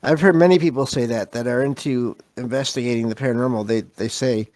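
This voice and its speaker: A man's voice: medium pitch, brisk, few pauses, darkish tone, no echo. A man hosting a paranormal call-in podcast, easygoing and repeating words as he talks. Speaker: podcast host.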